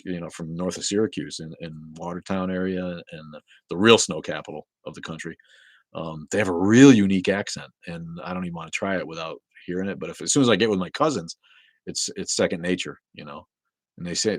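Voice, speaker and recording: A man's voice: deep voice, dry recording, clean studio sound. A man with a New England accent hosting a livestream, chatting casually and answering viewer comments. He rambles and often stammers through restarts. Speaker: livestream host.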